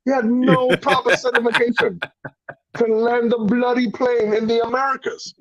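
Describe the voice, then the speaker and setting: A man's voice: extremely high pitch, little pitch movement, moderate pace, no echo, pitched above the performer's own voice, low-quality recording. A man voicing a cocky British airline pilot in a put-on British accent, using a mocking radio-call cadence.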